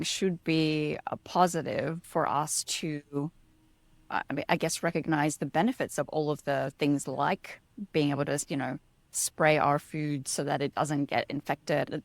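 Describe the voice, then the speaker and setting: A woman's voice: low-pitched, vocal fry, no echo. A woman hosting a podcast interview, asking long, winding questions full of restarts. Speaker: podcast host.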